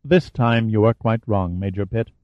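Cold gaunt giant villain read by a man, calm clipped talk, dry slightly dull sound. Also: lowish voice, moderate pace, dry recording, natural voice.

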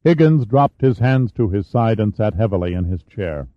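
A man narrating an audiobook in a steady, even storytelling manner, on a dull recording. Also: fairly low pitch, moderate pace, no room sound. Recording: dull, muffled dry recording.

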